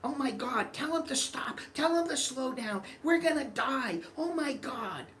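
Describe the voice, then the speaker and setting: A man's voice: very high-pitched, animated, a little slow, a bit bright, slight background noise, pitched above the performer's own voice, heavily acted. A man voicing a frantic older woman who shrieks and complains in hysterics. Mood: panicked.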